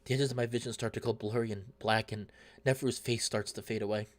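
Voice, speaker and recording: A man reading a visual novel aloud in steady first-person narration. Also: lowish voice, fast talker. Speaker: let's play narrator.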